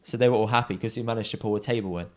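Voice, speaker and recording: A young man from in England, co-hosting a podcast, telling a pub story in a casual chat and acting out the people he quotes. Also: rapid-fire. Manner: animated storyteller, acts out quoted voices with big pitch jumps. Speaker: podcast co-host.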